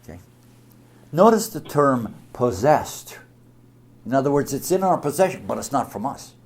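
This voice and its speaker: A man giving a religious talk to an audience, speaking emphatically, with big swings in loudness. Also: medium pitch, very animated, moderate pace.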